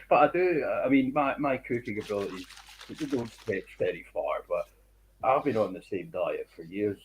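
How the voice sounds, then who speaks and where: A man, chatting casually on a stream, animated and swearing freely. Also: low voice, gravelly, poor audio. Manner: animated, swearing, laughing often. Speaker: stream co-host. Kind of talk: casual chat, storytelling.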